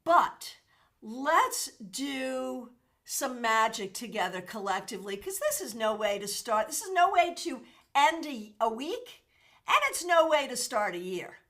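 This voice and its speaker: A woman hosting a casual livestream, chatting with her viewers and thanking them by name. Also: unhurried. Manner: animated, with sudden jumps in pitch and loudness. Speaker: tarot reader and livestream host.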